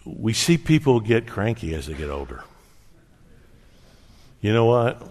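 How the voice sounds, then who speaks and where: A man in his sixties, a pastor preaching a sermon, telling stories with animated, folksy humor. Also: on the low side, measured pace. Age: 60s. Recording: long reverb of a large hall.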